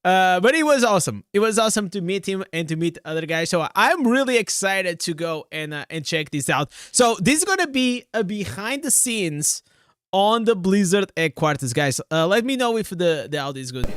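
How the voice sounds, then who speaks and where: A man's voice: high voice, expressive, normal speed, fairly bright tone, smooth, no echo, studio quality. A man streaming games live and reacting to a trailer, hyped and rambling, with lots of slang and filler words. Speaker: game streamer.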